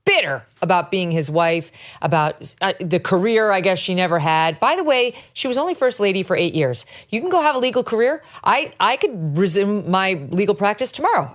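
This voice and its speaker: Blunt, scornful woman host. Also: fairly low pitch. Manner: blunt, scornful, swears when worked up. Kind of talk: political talk show commentary.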